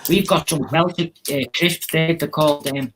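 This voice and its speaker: A man's voice: a little high, steady tone, moderate pace, fairly bright tone, a little hiss or hum, low-quality recording. A man, hosting a casual chat, friendly and rambling with many ums. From Liverpool. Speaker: live stream host.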